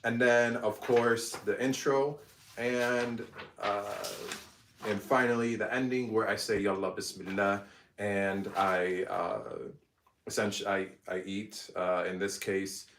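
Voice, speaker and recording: A man's voice: fairly low pitch, steady tone, slow, a bit bright, a little hiss or hum. A man cooking at home and recording recipe voiceovers, who stops mid-phrase, laughs at his own slips and redoes the take. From Egypt. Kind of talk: casual behind-the-scenes vlog with recipe voiceover takes. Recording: roomy, mic some distance off.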